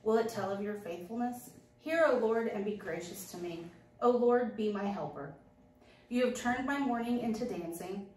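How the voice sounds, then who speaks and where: A woman reads a psalm in a liturgical style. She rises in pitch and volume on each invocation. Her voice carries from a distance through an echoey church. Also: normal speed, darkish tone. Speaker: psalm reader.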